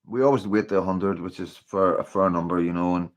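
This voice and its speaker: A man's voice: low voice, fairly even intonation, a little fast, muffled recording. Chatty Northern Irish man on a livestream. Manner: chatty, rambling, with frequent fillers like "you know" and "like". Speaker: livestream host. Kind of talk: casual livestream chat, greeting viewers.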